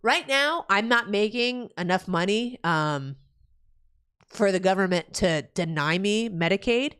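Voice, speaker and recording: Young female streamer, New Jersey, animated and swearing, casual rant. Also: unhurried, clear, resonant tone. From New Jersey, USA. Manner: profane ranting, loud swings in pitch. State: pregnant. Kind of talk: casual live-stream chat.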